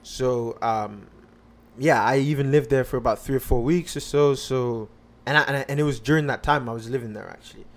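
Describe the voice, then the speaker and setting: A man's voice: medium pitch, a little fast. Rambling, filler-heavy man telling a story. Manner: rambling with many fillers and restarts. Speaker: podcast guest telling a personal story. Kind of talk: casual conversational storytelling.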